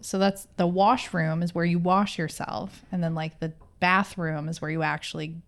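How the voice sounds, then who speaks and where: Low-voiced woman co-hosting casual talk. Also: steady tone, normal speed, vocal fry. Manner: chatty, explanatory. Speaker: podcast co-host. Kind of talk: casual chat.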